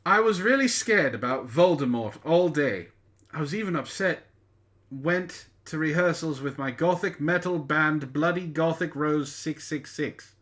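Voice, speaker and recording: A man's voice: a little high, a little slow, a bit bright. Man doing a sarcastic comedic reading. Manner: sarcastic asides between read lines. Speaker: host reading aloud. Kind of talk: mocking comedic dramatic reading.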